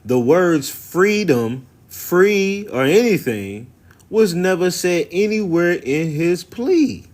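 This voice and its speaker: A man's voice: high voice, lively intonation, slow, a little mellow. A man reacting to a video clip in loose, sarcastic commentary, full of slang and asides.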